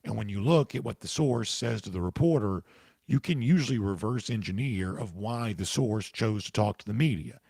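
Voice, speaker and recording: Gravelly low-voiced male sports talk host. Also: animated, normal speed, a little mellow, dry recording. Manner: conversational, opinionated, emphatic. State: has the hiccups. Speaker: podcast host answering listener comments. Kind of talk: casual opinion commentary.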